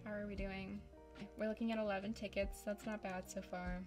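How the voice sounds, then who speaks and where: A woman's voice: mid-range voice, flat delivery, brisk, darkish tone, soft background music. A woman giving casual, dramatic and sarcastic commentary over a game, close on a desk microphone. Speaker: YouTuber.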